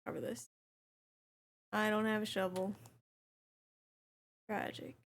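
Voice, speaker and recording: A young woman streamer chatting casually with her chat while she plays, reading messages aloud in a relaxed way. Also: medium pitch, slow.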